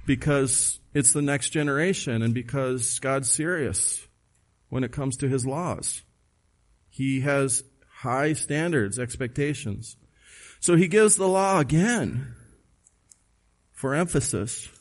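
A man's voice: medium pitch, slow. A man preaching a sermon, emphatic and conversational, asking the listeners questions and reading scripture aloud. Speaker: pastor.

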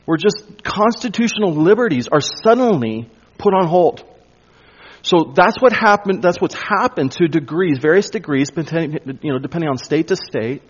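A man with a somewhat high, slightly rough voice delivers an expository sermon, animated and at a normal speed. He hammers home his points, then lowers to a hush so they sink in. The audio is dull and lo-fi.

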